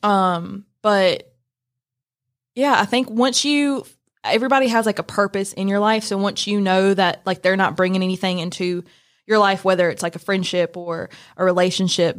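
Young woman guest, mid-pitched, relaxed, rambling casual chat. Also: normal speed. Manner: relaxed, lots of fillers. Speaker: podcast guest.

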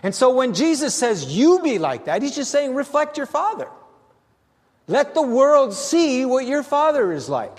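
An older man preaches with a high, lively voice that swoops up and down. He asks his congregation questions and reads passages aloud, and his voice trails into a long hall reverb. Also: unhurried. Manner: animated preaching with asides to the congregation. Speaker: pastor. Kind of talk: sermon.

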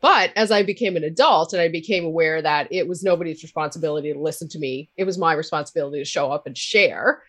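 A woman's voice: deep voice, quick pace, few pauses. Outspoken woman with a Cape Breton accent. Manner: candid, laughs loudly, swears freely. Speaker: podcaster guest. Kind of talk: casual interview talk.

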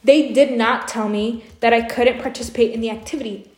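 A young adult woman co-hosting a podcast tells a long story in casual chat, packing it with filler words. Her voice is fairly high and fairly quick with fairly even intonation, and the room sounds echoey.

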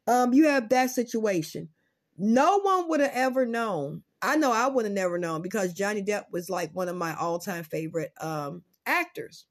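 A woman vlogging in casual commentary, profane and dramatic, swinging between loud outbursts and low muttering. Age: adult parent.

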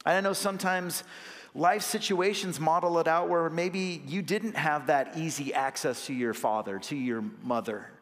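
A man's voice: fairly high pitch, normal speed, fairly bright tone. Man preaching, chatty and earnest, punches up key lines, voice rings out in a big church hall. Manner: earnest, conversational preaching with rising emphatic bursts. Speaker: associate pastor. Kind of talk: sermon. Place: church sanctuary.

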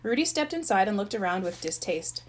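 A woman's voice: medium pitch, a little fast, poor audio. Woman reading a story aloud. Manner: even storytelling narration. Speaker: reader.

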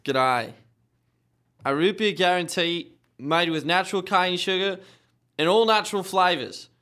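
A young man putting on a cheeky, slangy Australian accent as a loud, obnoxious bloke. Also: high voice, unhurried. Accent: put-on Australian. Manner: cheery, slangy, drops "mate" everywhere.

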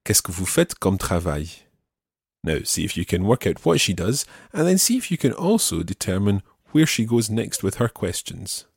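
Deep-voiced teacher. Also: male voice, sing-song, darkish tone, no room sound, studio quality. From Scotland. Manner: clear, slow model phrases with patient explanations. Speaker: language teacher and podcast host. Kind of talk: explaining a language lesson.

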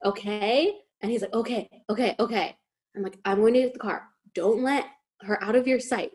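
A young woman with a slightly high voice tells a chaotic story in a casual podcast chat. She swears freely and acts out each quoted line. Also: fairly even intonation, fairly quick, a little mellow, breathy edge.

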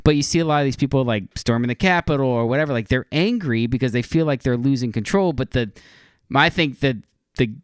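A man's voice: medium pitch, quick pace, clean tone, dry recording, clean studio sound. A man co-hosting a podcast in casual, conversational chat, laughing often. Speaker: podcast co-host.

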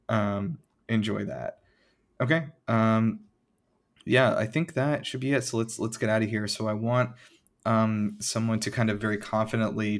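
A man's voice: fairly low pitch, creaky, fairly bright tone. A man hosting a podcast in casual chat, rambling and hesitant with lots of ums. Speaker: podcast host.

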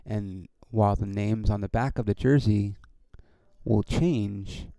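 Gravelly, low-voiced man rambling casually. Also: slow, mellow, dry recording. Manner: rambling, swears often, many restarts. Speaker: podcast host and comedian.

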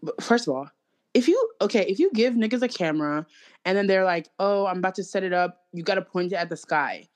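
Young woman ranting, profane and animated. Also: medium pitch, a little fast. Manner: animated, profane, mocking ranting with quoted asides. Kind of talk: casual chat.

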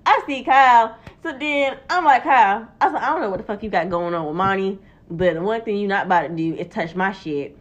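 A woman's voice: medium pitch, brisk, few pauses. A young woman telling a story in casual chat, acting out the quotes and swearing freely. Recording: dull lo-fi recording.

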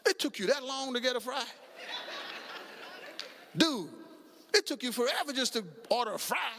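A middle-aged man preaching a sermon as pastor, telling stories and acting out the dialogue with sudden shouts. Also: very high-pitched, lively intonation, normal speed, creaky, a little hiss or hum.

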